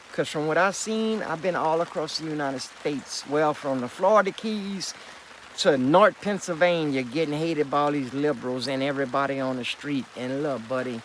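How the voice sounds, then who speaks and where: A man rambling to the camera in a loose, profane, emphatic way, throwing in folksy words like partner and boy. His voice sits a little higher than most men's. A faint hiss of noise sits under the talk. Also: poor audio. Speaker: vlogger.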